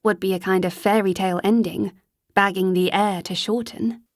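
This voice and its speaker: A woman's voice: medium pitch, steady tone, normal speed, dry recording. Woman narrating an audiobook, dry close sound. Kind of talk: scripted narration.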